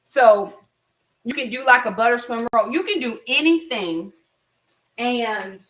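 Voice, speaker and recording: A middle-aged woman from the United States, a cooking vlogger, chats in her home kitchen while she cooks, giving her viewers blunt, friendly advice in a casual vlog. Her voice is fairly high and fairly bright, at a measured pace. She sounds a bit far from the mic, and there's a little hiss or hum.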